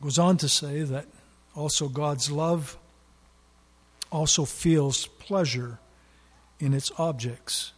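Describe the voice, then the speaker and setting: A man's voice: on the high side, slow, long pauses, breathy edge. A man preaching a sermon in an earnest way, leaning hard on key words for emphasis. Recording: long hall reverb.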